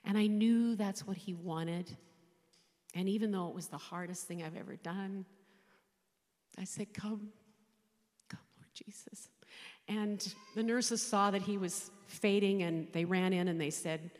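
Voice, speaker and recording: Halting woman in her 60s, echoing hall. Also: mid-range voice, steady tone, a little mellow. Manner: halting, emotional, often dropping to a whisper. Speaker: chaplain. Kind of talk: personal faith testimony. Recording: long hall reverb.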